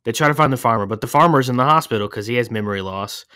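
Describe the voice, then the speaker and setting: A man's voice: mid-range voice, racing, pushed and bright, clean tone, no room sound, studio quality. A man casually summarizing a movie plot in a meandering, hesitant way on a comedy podcast. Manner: meandering, hesitant, full of "uh" and restarts. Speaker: podcast co-host.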